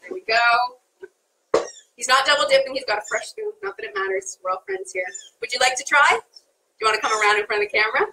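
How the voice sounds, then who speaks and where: A woman's voice: sits high, animated, fairly quick, sharp tone, a little hiss or hum, low-quality recording. A woman chef talking chattily through a live cooking demonstration in a kitchen, laughing often.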